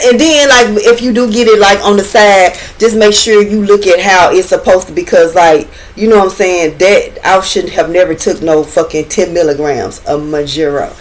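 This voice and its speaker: Middle-aged woman doing a storytime vlog, cussing, slangy, keeps saying you know what im saying, normal mid pitch. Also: poor audio. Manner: chatty, profane, loose slang with constant "you know what I'm saying". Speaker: vlogger. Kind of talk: casual storytime chat.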